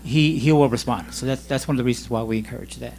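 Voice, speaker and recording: A staff man at a residents' meeting explains how the care facility works and stays upbeat. His voice is ordinary in pitch, with a faint hum in the background. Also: fast, gravelly, a little mellow. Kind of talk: presentation at a town hall.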